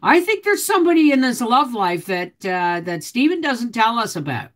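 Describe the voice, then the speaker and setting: Lively, chatty woman streamer. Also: fairly high pitch, normal speed. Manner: chatty, reads and answers viewer comments, teasing. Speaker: homestead channel host. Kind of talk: live-stream chat with viewers.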